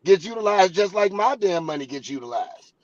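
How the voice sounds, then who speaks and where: A man explaining his view on a casual podcast panel in a measured way, with occasional swearing. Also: sits high, expressive, a crowd in the background. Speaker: panel guest. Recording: dull, dry, lo-fi sound.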